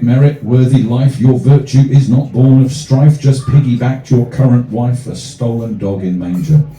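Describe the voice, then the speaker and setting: A man performing comic rhyming poems to a live cafe audience, with wry, deadpan asides between pieces. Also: mid-range voice. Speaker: performance poet. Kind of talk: live comic poetry reading. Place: small cafe venue with an audience. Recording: roomy, distant audience recording.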